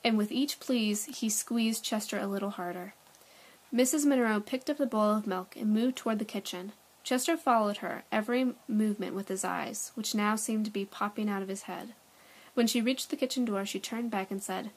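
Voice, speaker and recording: A woman's voice: medium pitch, normal speed, poor audio. A woman reading a children's book aloud, breaking off now and then for chatty asides. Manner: chatty asides, laughs at own tries. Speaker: storybook reader.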